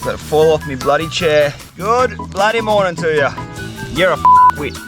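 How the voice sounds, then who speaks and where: A man vlogging outdoors on a remote island beach, excitable, laughing often and swearing at himself. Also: fairly high pitch, moderate pace, over music. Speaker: survival and fishing vlogger. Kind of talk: casual talk to camera outdoors.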